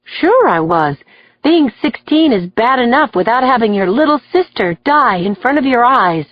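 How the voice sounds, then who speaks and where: An unstable adult man on the witness stand, his voice pitched up and thick with feeling, put on by a woman narrator. The audiobook sound is close and dry, a little dull. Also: very animated, moderate pace, no room sound. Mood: weary. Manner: raised, agitated, emotional. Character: troubled adult male defendant, unstable.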